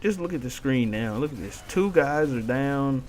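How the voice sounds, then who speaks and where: A man's voice: medium pitch, lively intonation, moderate pace, a little mellow, slight background noise. A young man giving casual gameplay commentary, ranting in frustration about his teammates and repeating himself often. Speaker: gaming video commentator.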